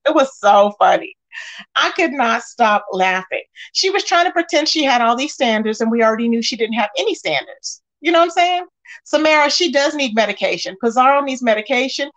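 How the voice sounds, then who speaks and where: A woman's voice: high voice, lively intonation, a little fast, a bit bright. A woman hosting casual gossip commentary, sassy and emphatic, reading chat and scolding. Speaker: YouTube commentary host.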